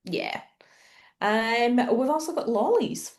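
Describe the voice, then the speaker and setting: A woman's voice: on the high side, big pitch swings, slow, vocal fry. A woman from Scotland with a Scottish accent, a guest in a casual podcast chat, asking questions and laughing easily.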